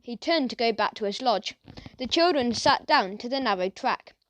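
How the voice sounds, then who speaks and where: A woman narrating a children's mystery audiobook in a steady storytelling manner. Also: a little high, moderate pace.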